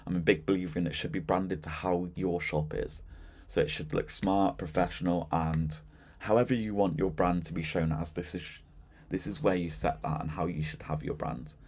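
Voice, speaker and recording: A man giving a casual, chatty walkthrough of a software system, with lots of fillers and a relaxed, informal delivery. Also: low voice, moderate pace, hardly any pauses, breathy edge. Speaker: software demonstrator. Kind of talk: casual screen-share product walkthrough.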